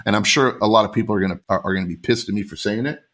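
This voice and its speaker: A man who runs a pool service business, a podcast guest telling stories in an animated, frank and heated way. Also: fairly low pitch, rapid-fire. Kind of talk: casual podcast chat.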